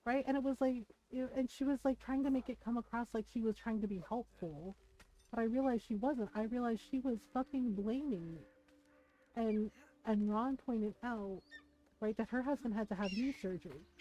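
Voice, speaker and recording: A woman's voice: fairly high pitch, normal speed, dark tone, soft background music, rough recording. A middle-aged woman streamer telling a personal story in casual chat while she plays, frank and full of swearing, laughing between lines.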